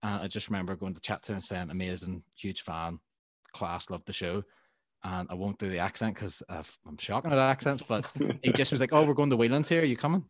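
A man, a guest musician telling animated anecdotes in a casual podcast chat, laughing often. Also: sits low, fairly quick, dry recording.

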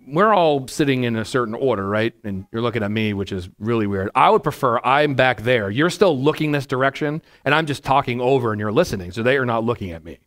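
A man, a pastor, giving a conversational verse-by-verse sermon to a congregation in a church, with a naturally loud voice and frequent "right?" asides. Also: mid-range voice. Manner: naturally loud, chatty, asks the room "right?". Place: church sanctuary before a congregation.

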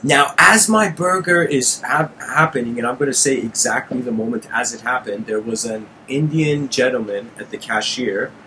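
A man hosting his channel, telling a personal story in an animated monologue, addressing listeners as "guys" and getting heated and intense. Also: mid-range voice, moderate pace, hardly any pauses, slight background noise. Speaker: channel host giving a lecture.

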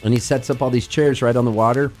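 A man's voice: mid-range voice, fairly even intonation, quick pace, darkish tone, faint music behind, poor audio. A man guesting in a radio studio, telling a long rambling anecdote with bursts of laughter. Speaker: musician guest. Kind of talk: storytelling on radio. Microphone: studio microphone.

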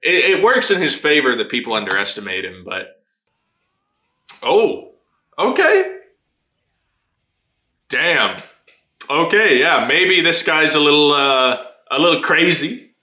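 Excitable man reacting, bright and lively. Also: on the high side, slow pace, long pauses. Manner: excitable, laughs often, swears freely. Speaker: anime reaction channel host. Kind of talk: casual reaction commentary. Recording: roomy echo.

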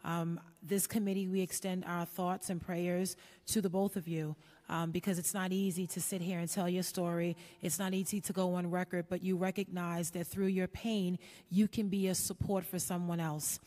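A woman chairing a council committee hearing, speaking in earnest, measured formal remarks with some filler ums. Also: lowish voice, flat delivery, dark tone. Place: large council chamber. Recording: long echo of a large hall.

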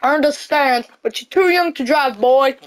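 A woman's voice: sits high, moderate pace, voice pushed down, close to an everyday voice. A woman voicing a stern, protective father in a game role-play, speaking firmly. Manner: firm, scolding.

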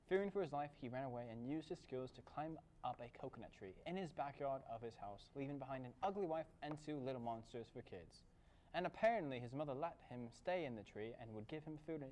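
A young man anchoring a student parody newscast with deadpan comic delivery. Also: medium pitch, a little fast, a little hiss or hum. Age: young adult. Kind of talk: mock newscast reading.

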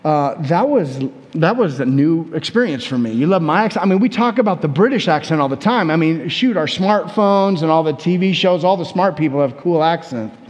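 A man with an American accent preaching a sermon as a pastor, telling stories in a conversational, animated way with many repetitions. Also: fairly high pitch, moderate pace, long reverb tail. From United States.

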